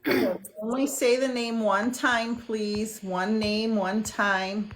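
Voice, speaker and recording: A woman's voice: on the high side, steady tone, slow pace, a little hiss or hum, rough recording. A woman medium hosting a live stream, thanking viewers and giving firm instructions for the chat.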